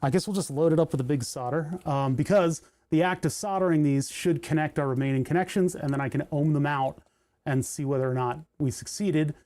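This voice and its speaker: A man's voice: on the high side, fairly quick, dark tone. A man hosting a livestream, chatting casually and thinking aloud with joking asides as he solders. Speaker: livestream host building electronics.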